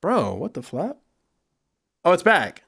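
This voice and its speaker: A man's voice: sits high, wildly swooping pitch, takes it slowly, creaky, fairly bright tone, husky. A man livestreaming while he works, chatting casually and thinking aloud to his viewers. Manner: rambling, thinks aloud, talks to chat.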